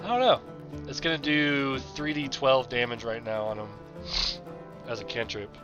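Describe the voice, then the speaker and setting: A man's voice: mid-range voice, normal speed, lo-fi sound, over music. A man playing a tabletop game, casually and methodically talking through tactics. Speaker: player.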